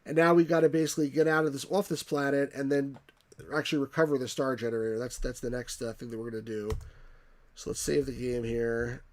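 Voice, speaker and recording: A man's voice: mid-range voice, flat delivery, fairly quick. A man hosting a let's play, rambling casually as he reads game text and chat aloud.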